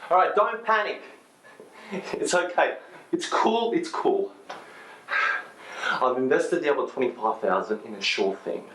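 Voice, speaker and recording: An actor playing a smooth-talking man who has lost his partner's money, brushing it off glibly. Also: mid-range voice, expressive, moderate pace, long pauses, a bit bright, reverberant, lightly acted. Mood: placating. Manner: glib, placating. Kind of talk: drama scene.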